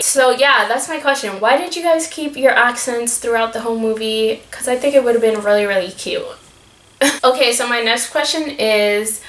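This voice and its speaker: A woman's voice: on the high side, a bit bright, reverberant. A young woman vlogging to camera, gushing with enthusiasm, with plenty of fillers. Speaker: YouTube vlogger asking a celebrity fan questions. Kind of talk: casual fan vlog to camera.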